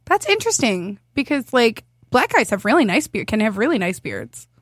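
High-voiced woman co-host, playful. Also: big pitch swings, moderate pace, breathy edge, no echo, studio quality. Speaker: podcast co-host. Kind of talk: casual chat.

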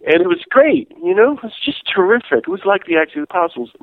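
A man telling a lively story in a casual interview, laughing as he goes. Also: sits high, fast talker, dry recording. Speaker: guest, peace activist and priest. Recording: tinny phone-like line.

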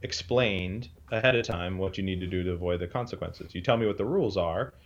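A man's voice: low-pitched, fairly quick, highs cut off. A man talking casually on a podcast, explaining dog training emphatically and often checking in with "right?".

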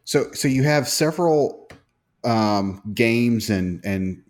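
A man hosting a casual interview podcast, asking questions in a low-key way with brief reactions. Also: expressive, slow. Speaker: podcast host.

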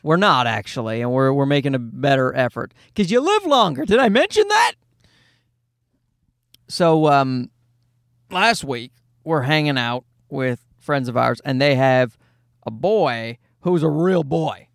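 A man's voice: mid-range voice, very animated, measured pace, vocal fry, no room sound, clean studio sound. A man in his thirties telling rambling, profane, self-deprecating stories as a podcast host. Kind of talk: casual podcast monologue.

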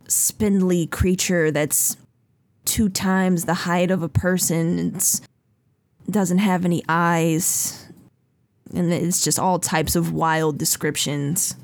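A woman game master narrating a tabletop game in an unhurried, descriptive way with many fillers. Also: lowish voice, vocal fry, no room sound.

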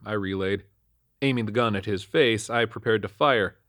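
Male horror narrator, deadpan, lowish voice, dry close sound. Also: brisk, no echo. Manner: deadpan, matter-of-fact. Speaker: storyteller. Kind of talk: scripted first-person horror narration.

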